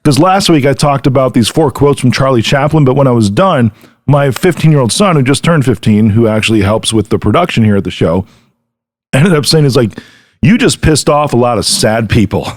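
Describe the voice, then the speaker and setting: A man's voice: mid-range voice, animated, fairly quick. A middle-aged man hosting a podcast, giving an earnest motivational talk straight to the listener and often checking in with "right?". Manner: earnest, direct address with frequent "right?". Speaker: podcast host. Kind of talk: motivational monologue.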